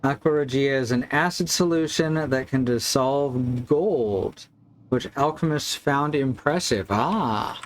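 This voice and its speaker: A male streamer talks casually through a horror game. He drops wry, joking asides at a middle pitch. Faint noise hums behind him. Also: a little slow. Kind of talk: let's-play commentary.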